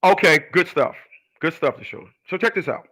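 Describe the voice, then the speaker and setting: This radio host's voice sits on the high side, sounding pushed, bright, and a little rough as he talks at a normal speed with expressive delivery. Hosting his own show, he gives an emphatic, rambling casual monologue filled with repetitions and stammered restarts. The audio is low quality.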